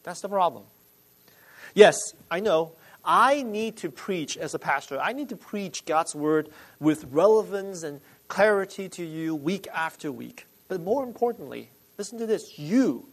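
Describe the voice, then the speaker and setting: A male pastor preaching a sermon in a somewhat high voice. He speaks emphatically and deliberately, and he repeats phrases for weight. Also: low-quality recording.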